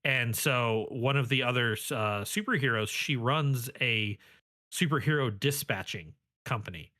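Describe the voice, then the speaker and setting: A man's voice: medium pitch, measured pace, pushed and bright, no echo, studio quality. A man co-hosting a podcast, chatting casually and enthusiastically, cracking jokes. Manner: enthusiastic, jokey. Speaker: podcast co-host. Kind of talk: casual chat.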